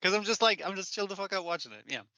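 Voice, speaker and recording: A man with a very bright, fairly high voice chats casually on a podcast, swearing as he acts out scenes. The sound is close and dry. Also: lively intonation, very fast, no room sound. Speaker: podcast co-host. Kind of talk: casual chat about anime.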